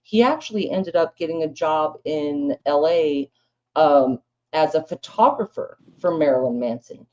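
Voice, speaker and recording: A woman with a lowish, mellow voice talks bluntly on a live panel, swearing freely as she rambles through a story. The recording sounds a little dull and lo-fi. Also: unhurried, a little hiss or hum. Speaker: panel speaker. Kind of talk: casual panel chat. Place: live panel room with audience.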